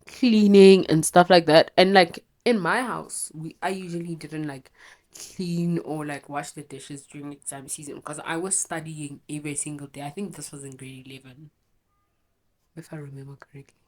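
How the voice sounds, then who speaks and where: A woman's voice: low-pitched, steady tone, moderate pace, darkish tone. A young woman telling a painful personal story in a raw, emotional way, swearing and correcting herself, teary with a runny nose from crying. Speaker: storytelling vlogger.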